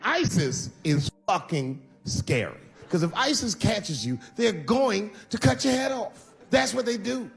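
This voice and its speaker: A man doing an exasperated stand-up routine who shouts at times. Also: high-pitched, lively intonation, unhurried, gravelly, few pauses, slight background noise. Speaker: stand-up comedian.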